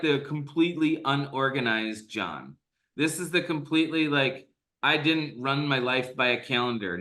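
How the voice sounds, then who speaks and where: An energetic man co-hosts a casual podcast, joking around and rambling from point to point. His voice is bright and forward at a middle pitch. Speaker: podcast co-host.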